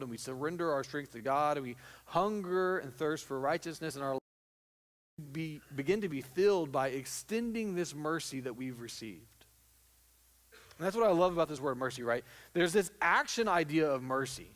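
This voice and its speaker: This pastor's fairly high, expressive voice moves at a moderate pace through a conversational sermon in a church sanctuary. Along the way he performs small quotes.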